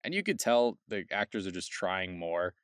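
A man's voice: low-pitched, very animated, normal speed, a bit bright, smooth, no echo, studio quality. A man co-hosting a casual movie podcast, rambling with restarts and casual swearing. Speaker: podcast co-host. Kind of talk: casual film review chat.

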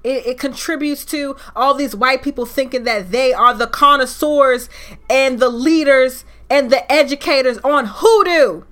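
A high-voiced woman hosts a solo podcast at a measured pace, preaching and ranting fiercely as her anger builds. She comes across as fiery and preachy, sometimes loud.

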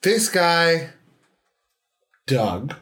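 A tabletop game player who talks in a chatty way and goes gentle and soothing when in character. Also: mid-range voice, sing-song, extremely slow, echoey room. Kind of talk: tabletop role-play, in and out of character.

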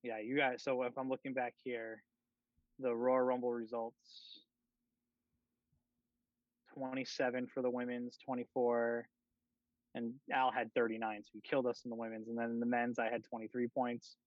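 A man's voice: mid-range voice, monotone, normal speed, pauses often, dry recording. A man hosting a casual podcast chat over a video call, laughing often and swearing casually. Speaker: podcast host. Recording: dull lo-fi sound.

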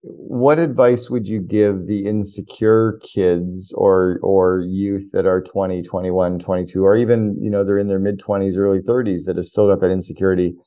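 A man's voice: low-pitched, steady tone, moderate pace, few pauses, dark tone. A man hosting an interview podcast, casual and blunt, swearing freely as he asks questions. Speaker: podcast host. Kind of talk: conversational interview.

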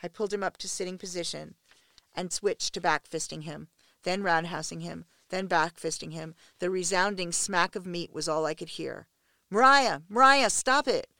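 Gravelly woman reading an erotic story. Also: on the low side, fairly even intonation, normal speed, a bit bright, no echo. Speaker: audiobook narrator. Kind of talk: first-person erotic story narration.

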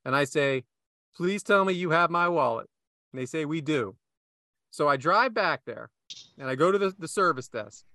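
A man's voice: a little high, animated, normal speed, pushed and bright, dry recording, studio quality. A man hosting a casual podcast, telling a rambling story full of self-asides. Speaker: podcast host.

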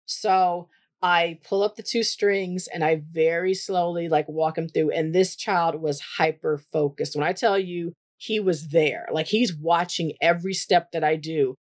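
A woman therapist telling a story from her work in a casual, animated way, leaping up in pitch when she quotes herself. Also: a little slow. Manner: chatty, animated, jumps high when quoting herself. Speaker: therapist for autistic children.

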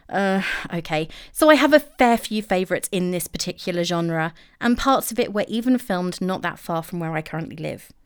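A woman's voice: mid-range voice, clear, resonant tone, no room sound, studio quality. A woman telling a story in a chatty, self-deprecating way, full of asides, as host of her own show. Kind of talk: casual solo storytelling.

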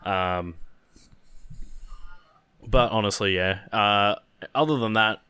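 A man's voice: on the low side, slow, sharp tone, clean tone, no room sound. A man co-hosting a casual gaming podcast, laid-back and hesitant with fillers. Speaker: podcast co-host.

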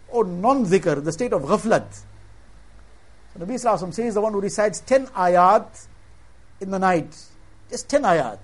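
A man giving a sermon, telling a religious story in an earnest, measured way and weaving in Arabic religious phrases. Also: high-pitched. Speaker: preacher.

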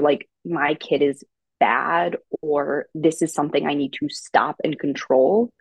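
Woman, parenting coach, low voice, dry close podcast recording, patient and explanatory. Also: no room sound, lo-fi sound. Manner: calm, explanatory, uses many fillers. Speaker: parenting educator guest. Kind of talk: casual advice chat.

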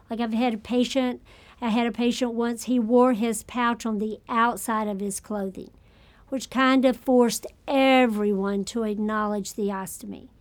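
A woman nurse educator giving a lecture on patient care, speaking some lines in a patient's voice, slowing down and softening on sad words. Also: fairly high pitch. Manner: acts out patient voices in first person.

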